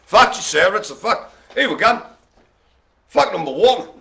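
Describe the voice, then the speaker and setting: A man hosts a live online bingo game with jokey, rambling banter. His voice is gravelly and slightly raised, and his pitch swings widely as he talks. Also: big pitch swings, normal speed, pushed and bright. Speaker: host.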